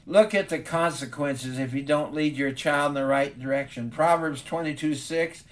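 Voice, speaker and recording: Man preaching a heartfelt story sermon, earnest and stammering, voice on the higher side. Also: moderate pace, fairly bright tone.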